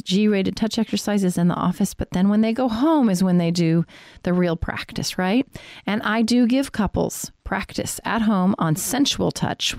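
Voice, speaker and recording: A woman's voice: medium pitch, vocal fry, a little mellow, no room sound, clean studio sound. A middle-aged woman sex therapist, frankly and explicitly explaining a faith-based teaching on sexuality.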